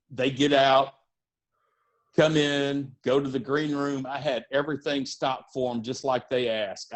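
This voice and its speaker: Man telling animated backstage stories. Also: mid-range voice. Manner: animated anecdote-telling with fillers and acted-out quotes. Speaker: music and wrestling promoter. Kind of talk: casual storytelling in a podcast interview.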